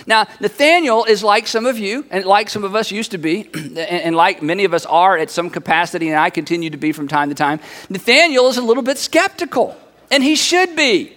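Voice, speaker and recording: A man preaching a sermon, telling the story with lively, acted-out quoted voices. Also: high-pitched, a little fast, long reverb tail. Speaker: pastor.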